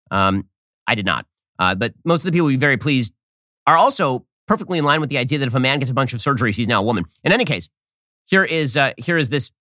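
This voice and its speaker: A man hosting a political commentary show, talking in a fast, sardonic opinion monologue with quick restarts, on a close studio mic. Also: mid-range voice, bright, forceful tone, dry recording.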